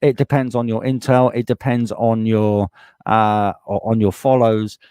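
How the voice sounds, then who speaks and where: A man's voice: lowish voice, flat delivery, a little slow, dark tone, clear, resonant tone, dry recording, clean studio sound. A man with a British accent hosting a live stream, reading out viewer comments in a casual, blunt way and swearing freely as he gets heated. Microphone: desktop USB microphone.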